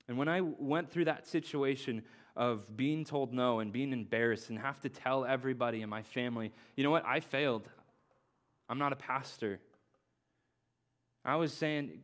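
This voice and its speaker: A man's voice: mid-range voice, normal speed, a bit bright. A young man, a pastor, preaching an earnest sermon, repeating key phrases and dropping in casual slang.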